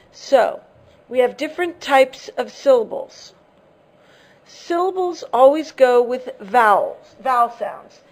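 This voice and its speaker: Slow, high-voiced woman teacher. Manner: patient, repeats key words, checks understanding with "okay?". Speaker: English teacher. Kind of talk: classroom lesson explanation.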